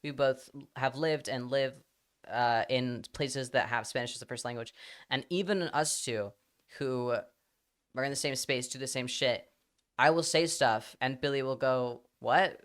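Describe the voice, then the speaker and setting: A young man chatting casually on a livestream, rambling with lots of fillers and the odd swear word, and getting animated as he talks. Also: medium pitch, measured pace, clean tone.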